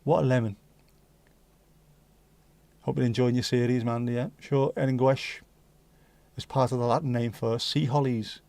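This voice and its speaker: A man's voice: medium pitch, fairly even intonation, moderate pace, creaky, long pauses, darkish tone, dry recording. A man hosting a casual livestream, reading out viewer comments with jokey banter and slipping into bits of Dutch and Spanish. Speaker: livestream host.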